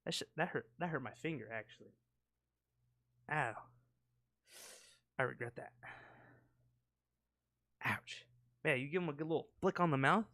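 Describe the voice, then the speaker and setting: A man's voice: a little high, normal speed, long pauses, sharp tone, no echo, studio quality. Rambling, profane man with a raised voice. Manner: profane, rambling, acts out sound effects and voices. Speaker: podcast co-host. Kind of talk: casual podcast banter. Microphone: close podcast mic.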